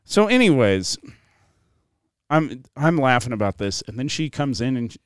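Profane storytelling man, smooth voice. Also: mid-range voice, unhurried, no room sound, clean studio sound. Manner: profane, animated, acts out quotes. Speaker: podcast host telling a story. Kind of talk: casual storytelling chat.

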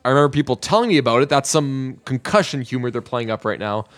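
A man's voice: medium pitch, expressive, fast, faint music behind, lightly acted. A man voicing an affectionate woman who teases her brother and coos over a baby. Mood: teasing. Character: bossy affectionate woman doting on a nephew.

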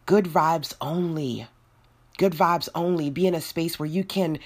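A woman delivers a motivational faith talk with a slightly low voice. She leans on repetition and a rhythmic, preacher-like cadence, slipping into quick snippets of imagined inner voices. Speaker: podcast host.

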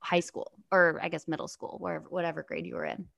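A woman's voice: lowish voice, flat delivery, fast, gravelly, fairly bright tone. A woman hosting a casual podcast interview, chatty and enthusiastic. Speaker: podcast host.

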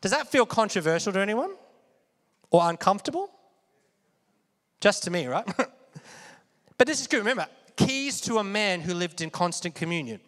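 Speaking at a moderate pace with frequent pauses, this man has a high-sitting, slightly bright voice that swings widely in pitch. He preaches conversationally, asking questions and having listeners repeat words, in a space with long hall reverb.

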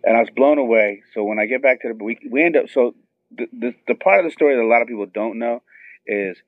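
A man in his thirties excitedly telling a story as a guest, acting out what others said. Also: quick pace, dry recording. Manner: excited, acts out quotes with high squeals. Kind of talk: animated storytelling. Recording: tinny phone-line sound.

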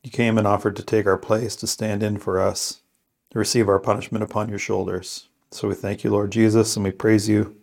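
A man with a somewhat low voice who prays, reads scripture and reflects in an earnest, thoughtful way. He talks with pauses and restarts as he works through his thoughts. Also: level tone, creaky. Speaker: co-host of a scripture podcast. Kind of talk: prayer, scripture reading and casual reflection.

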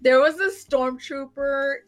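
A woman on a podcast telling a funny convention story in casual chat, animated, laughing often and acting out the people she quotes. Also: high voice, slow pace.

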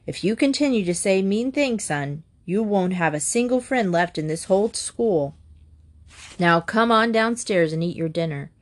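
A woman's voice: mid-range voice, lively intonation, moderate pace, close to an everyday voice. A woman voicing an angry father who speaks through gritted teeth. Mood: stern. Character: angry stern father, man.

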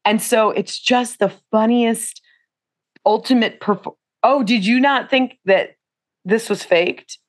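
A young woman co-hosting a casual film discussion podcast, retelling scenes in a chatty, animated way. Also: fairly high pitch, slow. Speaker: podcast co-host.

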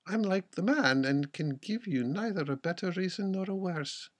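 A man with a husky voice reading the part of an older earl, stern and puzzled. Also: sits high, animated, moderate pace, pitched above the performer's own voice.

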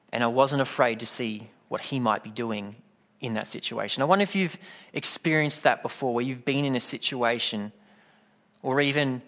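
A man's voice: mid-range voice, fairly bright tone. A man preaching a sermon, telling a personal story and acting out the voices in it. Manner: storytelling, acts out quoted voices. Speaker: pastor.

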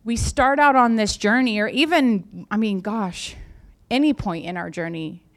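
A woman's voice: mid-range voice, measured pace. A woman pastor giving a sermon in a conversational way, repeating key phrases for emphasis.

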